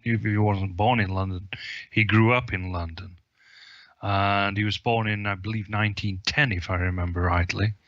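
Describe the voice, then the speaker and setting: Male podcast co-host, casual film chat, hesitant delivery, bright dry sound. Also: lowish voice, no echo, muffled recording. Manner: hesitant, many ums and restarts. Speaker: publisher.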